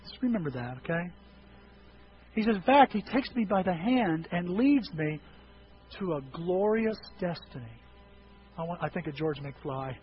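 A man preaching a sermon as pastor, animated, breaking into high yelping voices when he acts out quotes. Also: normal speed, pauses often, lo-fi sound.

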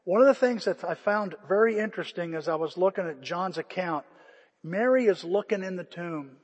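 A male pastor preaching a sermon, impassioned, swinging from loud calls to hushed pleas. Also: high voice, normal speed, slightly rough. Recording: echoey church hall.

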